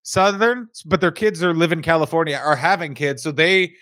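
A comedian chatting loosely, his voice sitting a bit high for a man. He rambles with jokes, and the recording is dry and close. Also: moderate pace, a bit bright, dry recording. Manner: rambling, jokey, slips into silly character voices. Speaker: podcast co-host, comedian. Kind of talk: comedic casual chat.

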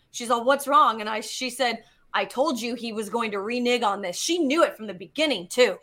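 Bright high-voiced woman telling a story. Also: brisk. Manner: animated, swearing, acts out quotes. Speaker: guest geologist. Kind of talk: casual storytelling.

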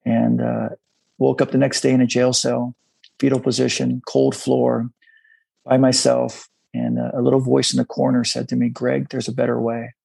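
This is a middle-aged man with a deeply gravelly, husky voice. He speaks in a dry, close sound. He tells his story in a halting, confessional way and briefly takes on the voices of the people in it. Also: monotone, a little mellow, no echo. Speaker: guest. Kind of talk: candid personal storytelling in a conversation.

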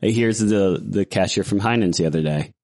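A man's voice: on the low side, fairly quick, darkish tone. A man hosting a casual podcast chat, joking around and laughing at his own bits. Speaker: podcast host.

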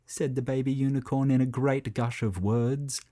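A man narrating a children's story in an expressive, animated way. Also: mid-range voice, moderate pace, no room sound, studio quality.

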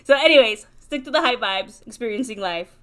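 A woman's voice: a little high, lively intonation, fairly quick. Chatty woman podcast host. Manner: chatty, ranting, lots of fillers. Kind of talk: casual chat.

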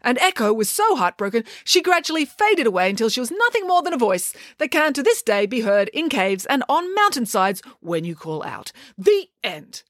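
Brief: wry playful storybook reader, lively tune, dry close mic, woman. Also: a little high, normal speed, hardly any pauses, no room sound. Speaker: audiobook narrator. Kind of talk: scripted storybook narration.

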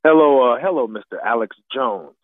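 A man's voice: mid-range voice, normal speed, dry recording. A man calling in to a radio show, talking in a rambling, repetitive, emotional way. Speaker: caller. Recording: phone line.

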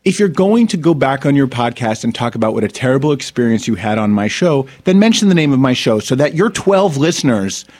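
A man's voice: mid-range voice, big pitch swings, fairly quick, few pauses, darkish tone. Blunt, profane podcast host, a man. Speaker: podcast host, former comedian. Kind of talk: casual podcast rant.

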